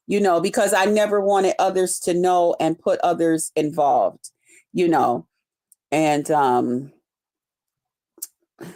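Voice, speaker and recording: A woman's voice: on the low side, darkish tone. A woman hosting a casual live stream, talking loosely and profanely to her viewers and greeting them by name. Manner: laughs often while greeting viewers. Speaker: livestream host reading her chat. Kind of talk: casual unscripted live chat.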